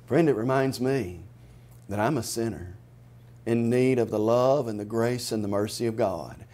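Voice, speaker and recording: A man preaching a televised sermon, emphatic, rising loud and high then dropping low and quiet, slowing down to stress key phrases.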